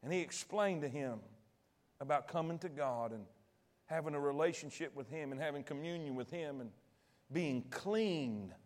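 Preacher guy, high voice, folksy, gets loud then goes real quiet, keeps asking y'all with me. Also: normal speed. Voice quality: folksy, colloquial, swings from loud to hushed. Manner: animated storytelling, asks the audience questions. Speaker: pastor. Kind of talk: sermon.

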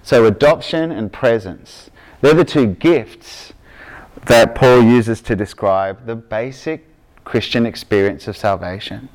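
A man's voice: medium pitch, takes it slowly, darkish tone. Australian man preaching conversationally. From Argentina. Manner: conversational, checks in with "okay?" and "right?". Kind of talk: sermon with personal story.

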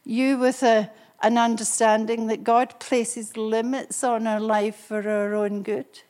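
An older woman, preaching and telling personal stories in a lively way, chuckling often. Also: fairly high pitch, takes it slowly. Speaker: speaker and couple therapist. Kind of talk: preaching with storytelling.

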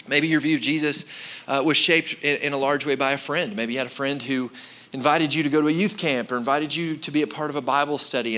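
A man delivering a sermon from the pulpit, his voice bright and forceful. He speaks emphatically, turns straight to the congregation, and repeats his main points for weight. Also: on the high side. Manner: emphatic, repeats key lines, addresses the congregation directly. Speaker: pastor.

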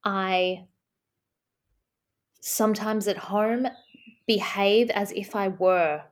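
A woman's voice: mid-range voice, fairly even intonation, drawn-out words. A woman, improvising a mock-earnest comedy interview, rambling through many restarts.

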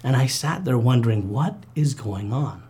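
A man recounting a painful childhood memory in an interview, earnest and halting, with many fillers and restarts. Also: medium pitch, lively intonation, warm tone, slightly rough. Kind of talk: personal testimony interview.

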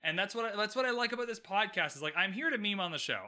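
A man in his twenties hosting a solo podcast recap, talking animatedly with many restarts and "like" fillers and acting out characters' lines. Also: high voice. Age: 20s. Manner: animated, acts out characters' lines in quick bits. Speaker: podcast host.

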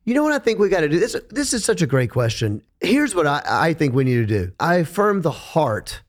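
A man speaking as a podcast guest in a conversational interview, an animated storyteller who repeats words when he gets going. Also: on the high side, fast talker. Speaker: podcast guest, rock singer.

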